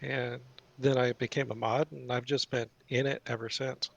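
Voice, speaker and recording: A man's voice: mid-range voice, flat delivery, moderate pace, gravelly, slightly rough, dull audio. A man on a casual voice chat, explaining server practice in a knowledgeable, matter-of-fact way with fillers. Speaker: veteran server admin and forum moderator.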